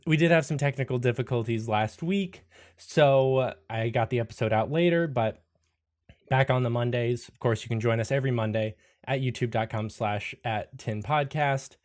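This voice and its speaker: A man hosting a podcast and giving a casual announcement, chatty and rambling. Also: medium pitch. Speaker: podcast host.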